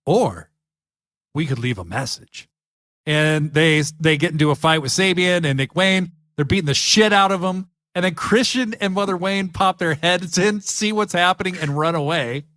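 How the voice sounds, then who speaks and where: A man's voice: high voice, moderate pace, few pauses, a bit bright. A man co-hosting a casual podcast, animatedly retelling wrestling segments and acting out the lines. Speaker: podcast co-host. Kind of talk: casual wrestling recap chat.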